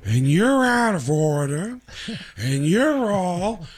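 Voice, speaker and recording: A man doing a celebrity impression of a fiery older actor, shouting and drawn out. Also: high-pitched, sing-song, slow pace, breathy edge, voice pushed up, exaggerated voice. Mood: furious.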